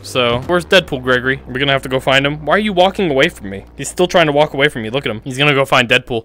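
A man's voice: mid-range voice, lively intonation, rapid-fire, few pauses, sharp tone, no room sound. A man hosting casual VR gameplay commentary, playful and giggly, teasing the game characters with frequent exclamations. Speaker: gaming channel host.

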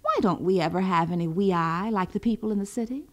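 A woman's voice: medium pitch, fast, close to an everyday voice. A woman storyteller voicing Uncle Bouqui, a sly, hungry folk-tale man who talks politely but turns irritable. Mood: eager. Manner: polite, then irritable and impatient. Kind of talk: storybook reading.

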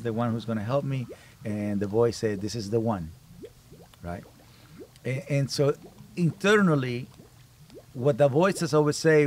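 A man's voice: mid-range voice, slight background noise. Emphatic man talking as a podcast host. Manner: emphatic, repeats phrases while building a point. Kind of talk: casual family podcast chat.

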